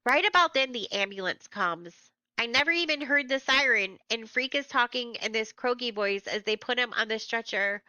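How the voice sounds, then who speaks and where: A woman's voice: a little high, normal speed, few pauses, sharp tone, no echo, low-quality recording. A woman reading a first-person novel aloud in a plain, conversational storytelling manner. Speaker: audiobook reader.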